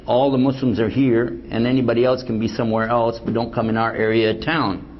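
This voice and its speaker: A man's voice: medium pitch, level tone, a little fast. Older man joking through a lecture. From United States. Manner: joking, storytelling, acts out quoted dialogue. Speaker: Islamic lecturer. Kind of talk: humorous lecture to a live audience. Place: lecture hall with audience. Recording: dull lo-fi lecture recording with faint hiss.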